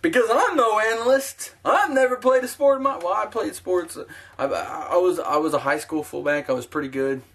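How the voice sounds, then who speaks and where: A man's voice: sits high, expressive, normal speed, vocal fry, fairly bright tone. A man ranting in a profane, self-mocking sports vlog, talking to his own camera at home. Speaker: sports vlogger.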